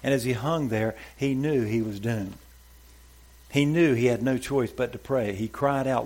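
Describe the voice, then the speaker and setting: Male pastor, emphatic sermon delivery, punchy repeated lines, mid-pitched voice. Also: moderate pace, a little mellow. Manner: emphatic, repeats short exhortations. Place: church before a congregation.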